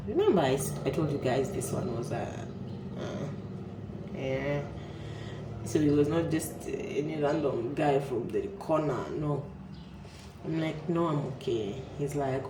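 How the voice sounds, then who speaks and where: A young Kenyan woman telling a personal story in a casual, animated way, often repeating words and stammering as she goes. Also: low voice, a little slow, noisy background. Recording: echoey room with faint ambience.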